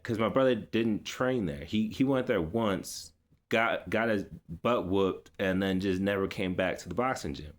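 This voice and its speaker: A man with a fairly low voice talks straight to his audience in a loose, casual vlog. He rambles with plenty of fillers and restarts and drops easy street slang as he goes. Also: unhurried. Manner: laid-back street slang. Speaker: vlogger. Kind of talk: casual personal storytelling.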